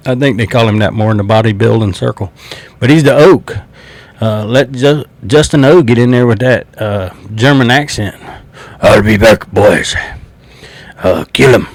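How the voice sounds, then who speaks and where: A man's voice: medium pitch, normal speed, darkish tone, dry recording. A man from South Carolina with a Southern accent, talking football as a fan in a blunt, swearing, laughing casual way. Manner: blunt, swears freely, laughs between remarks. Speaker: sports fan podcaster.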